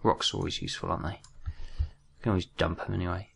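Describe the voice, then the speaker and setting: A British gaming commentator talks over his own gameplay, jumpy and muttering to himself with self-mocking asides. His voice sits low with little pitch movement, and it's fast, creaky, and husky.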